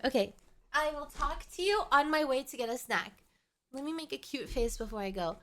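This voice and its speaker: High-voiced playful woman streamer. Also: normal speed. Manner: playful, giggly, rambling, talks to chat. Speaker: VTuber streamer. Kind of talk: casual livestream chat. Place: at home.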